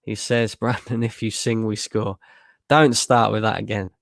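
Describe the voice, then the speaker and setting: Male streamer, young, gravelly and lowish, casual and sweary, dry close mic. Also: level tone, unhurried, no echo. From Lincolnshire, England. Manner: casual, sweary, laughs a lot, reads chat aloud. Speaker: football watchalong streamer. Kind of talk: live stream reaction, reading chat.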